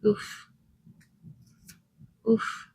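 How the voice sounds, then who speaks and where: A woman's voice: very slow, no echo, poor audio. A woman vlogger chatting casually and thinking aloud as she works on a craft project. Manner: chatty, thinking aloud while working, soft laughs.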